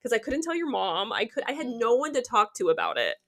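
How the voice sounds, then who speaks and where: Young woman podcast co-host, fairly high voice, super lively delivery that jumps around when she quotes people. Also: fairly quick. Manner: animated storytelling, acts out quotes with big pitch jumps. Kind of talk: casual chat.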